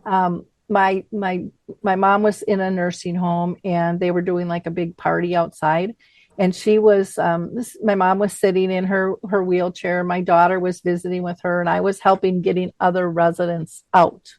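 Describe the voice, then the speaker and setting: A woman's voice: on the low side, moderate pace, dry recording. Middle-aged woman telling a story with dry sound. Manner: animated storyteller, acts out quoted voices. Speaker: host. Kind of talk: conversational panel chat.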